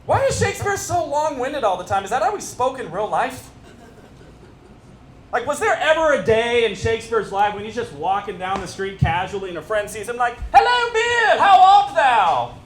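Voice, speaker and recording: A man in his fifties doing a stand-up set at a fundraiser, animated and self-mocking as he teases the audience. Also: high-pitched, a little fast. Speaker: stand-up comedian. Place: stage at a fundraiser event. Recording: echoey room with crowd noise. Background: audience laughter.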